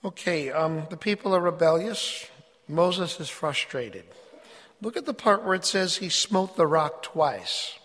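Preacher: man with a fairly high voice, earnest and emphatic sermon delivery, long hall reverb. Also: lively intonation, unhurried, a bit bright. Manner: earnest, emphatic, reads scripture aloud.

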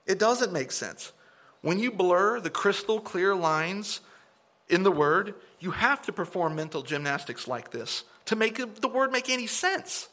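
A man preaching a sermon to a congregation, emphatic and animated, sometimes mocking the views he argues against. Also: high-pitched, normal speed.

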